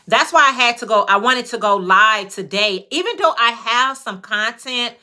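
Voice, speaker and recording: A woman from Chicago, with a Chicago accent, chats casually with livestream viewers while crocheting hats. Her fairly high voice is bright and forceful with lively intonation, and she greets viewers by name and draws out her phrases.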